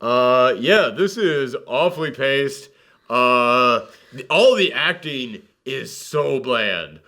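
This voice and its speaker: A man hosting a casual film review podcast, talking in an animated, sarcastic and mock-dramatic way. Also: medium pitch, takes it slowly.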